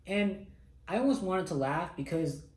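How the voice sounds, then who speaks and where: A man's voice: high voice, animated, normal speed, a little mellow, slight background noise. A young man casually recounting a personal story, laid-back and self-mocking, swearing freely. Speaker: vlogger. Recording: roomy echo.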